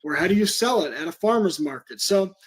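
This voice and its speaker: A man's voice: high-pitched, lively intonation, a little fast, husky. A man, a home school educator, giving an interview and explaining at length with frequent "um" fillers. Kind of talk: interview talk.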